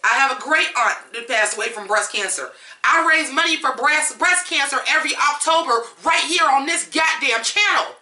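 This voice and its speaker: A woman's voice: high-pitched, expressive, normal speed, sharp tone, echoey room. A woman reviewing songs in a blunt, profane, fired-up rant. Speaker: music reviewer. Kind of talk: ranting song review.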